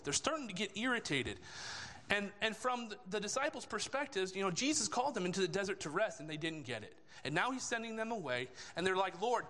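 A man's voice: on the high side, sharp tone. A man preaching a sermon in a church, talking it through in a conversational way with rhetorical questions. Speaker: lay preacher. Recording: long reverb of a church hall.

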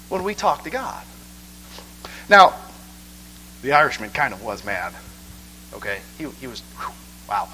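A man delivers a sermon in a loose, conversational way, checking in with his listeners by asking "okay?" over and over. His voice sits a little high and sounds bright, and its pitch swings widely as he speaks. A faint hum runs underneath. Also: rough recording. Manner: animated, conversational, repeats "okay?" often. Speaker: preacher. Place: church.

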